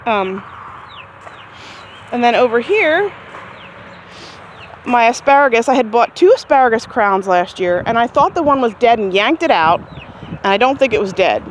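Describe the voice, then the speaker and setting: A woman's voice: lively intonation, normal speed, pauses often, a little hiss or hum. A woman giving a casual, rambling tour of her vegetable garden outdoors, talking to the camera as she walks. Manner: chatty and rambling, talks to her chickens in a high sing-song. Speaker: gardening vlogger. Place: outdoors in a backyard garden near chickens. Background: birds and chickens clucking faintly.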